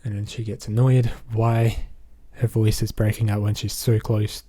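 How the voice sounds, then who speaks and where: In a casual spoken recap, an Australian man who reviews movies rambles through a plot, dropping "basically" and "um" into his sentences. He has a low, mellow, slightly husky voice and speaks at a normal speed with a flat, even tone all the way through.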